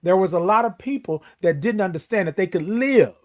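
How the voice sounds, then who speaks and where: A man hosts a casual morning livestream, talking straight to his viewers in an emphatic, preachy way. His voice sits a little high for a man, and he calls out viewers by name as he goes. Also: expressive, fairly quick, darkish tone. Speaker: host.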